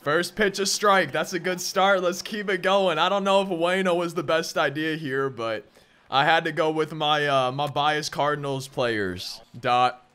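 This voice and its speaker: Speaking a little slowly with a clear, resonant tone, a young man runs a gaming channel full of excited, talkative commentary as he plays. His voice is high, bright, and forward, with frequent repeated words and sudden loud outbursts.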